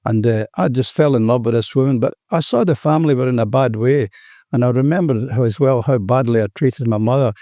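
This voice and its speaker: Earnest older Australian man, mellow voice. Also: mid-range voice, a little fast, no room sound, clean studio sound. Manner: earnest, rambling, peppered with "you know". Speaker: recovering alcoholic sharing his story. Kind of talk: recovery meeting share.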